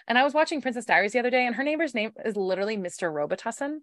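Bright-voiced woman podcast host. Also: fairly high pitch, racing, no echo, studio quality. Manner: animated, laughing, swearing, puts on silly voices. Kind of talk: casual book-club chat.

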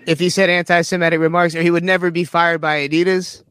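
A young male radio host rattles on in loose, joking banter, often poking fun at himself. His voice sits a little high, and the studio sound is close and dry with no room echo. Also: level tone, fast talker, fairly bright tone, clean tone. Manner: joking, rambling, self-deprecating.

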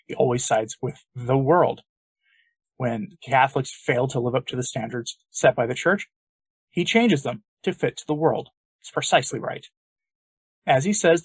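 A man's voice: medium pitch, slightly rough, dry recording. A man hosting an opinion podcast, talking in an emphatic, sarcastic, argumentative way. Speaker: podcast host.

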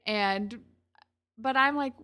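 A woman's voice: a little high, slow pace, pushed and bright. A woman co-hosting a casual podcast, chatting and giggling as she recaps a TV episode. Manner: chatty, giggly, many "like" fillers. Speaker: podcast co-host.

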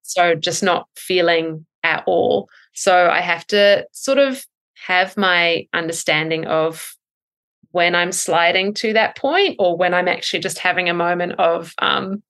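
A woman in her thirties, a breathwork coach, explaining thoughtfully in a podcast interview with frequent ums and soft laughs. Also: fairly low pitch, unhurried.

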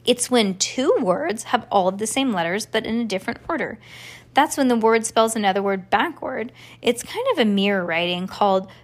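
A woman's voice: on the high side, normal speed. Woman voicing an eager know-it-all schoolboy. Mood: lecturing. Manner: eager, lecturing, excitable. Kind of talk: reading a storybook aloud.

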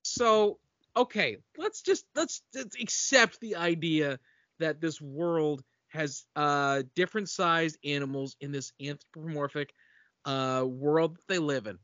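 A high, bright male voice riffs on a movie with dry joking asides. The recording is dry and somewhat dull, with a close home mic. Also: a little slow, no room sound. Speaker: podcast co-host. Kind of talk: casual movie-review chat.

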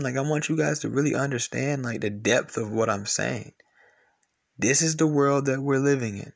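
A man's voice: mid-range voice, moderate pace, vocal fry. A man hosting a podcast, ranting in a blunt, profane, repetitive and argumentative way. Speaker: podcast host. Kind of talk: casual podcast rant.

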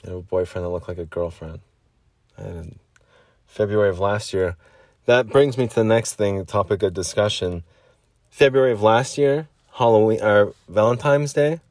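Rambling low-voiced man on a solo podcast. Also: moderate pace, darkish tone, no room sound, studio quality. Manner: rambling, acts out voices and whispers mid-story. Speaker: podcast host.

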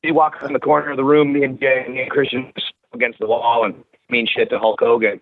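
A man in his forties, a podcast guest telling stories in a profane, animated way and often restarting his words. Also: medium pitch, a little fast, dry recording. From Canada. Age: 40s. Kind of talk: casual storytelling chat. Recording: tinny phone-like line.

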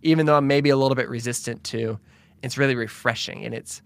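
A man's voice: mid-range voice, fairly even intonation, quick pace, gravelly, clear, resonant tone, no room sound. A man hosts a conversational interview in a dry, close-miked recording. His voice sits in the middle range, and he reflects aloud, circling back and rephrasing as he works his thoughts out. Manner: reflective, thinks aloud with restarts. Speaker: podcast host.

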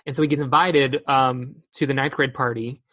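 A young woman with a low voice co-hosts a relaxed podcast reviewing a movie, speaking at a moderate pace. She retells scenes with animation, acting out the characters' lines as she goes.

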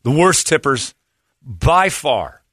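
A man's voice: on the high side, takes it slowly, slightly rough, no room sound, clean studio sound. An American man in his forties hosting a casual talk show, telling stories animatedly and slipping into mimicked voices. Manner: animated storyteller, mimics accents and other voices. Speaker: radio show host. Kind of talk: casual chat.

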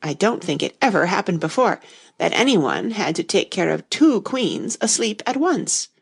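A woman reading a children's storybook aloud in a gentle, measured way. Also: medium pitch, sing-song, vocal fry, slightly rough. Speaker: narrator.

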